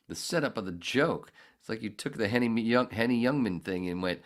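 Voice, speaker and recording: A man hosting a podcast who rants angrily and sarcastically, swearing heavily and swinging from mutters to shouts. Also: low voice, lively intonation, moderate pace, hardly any pauses. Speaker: podcast host. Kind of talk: ranting monologue.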